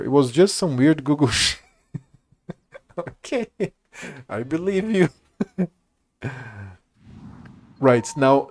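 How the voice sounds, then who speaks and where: A man's voice: fairly high pitch, a little mellow. Rambling, swearing male game streamer. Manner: rambling, laughs and swears often. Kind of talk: casual gameplay commentary.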